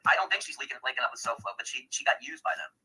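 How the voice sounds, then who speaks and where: A man's voice: medium pitch, expressive, very fast, bright, forceful tone, husky. A man calling in to a livestream, aggrieved and swearing as he argues. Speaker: guest on a stream call. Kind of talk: heated call-in argument. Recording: tinny phone-quality call audio.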